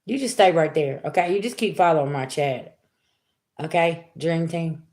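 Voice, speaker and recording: A woman's voice: low voice, moderate pace, a little mellow. Chatty woman tarot reader, roomy echo. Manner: chatty, talks straight to viewers, frequent "okay?" and "y'all". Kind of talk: casual tarot reading to viewers.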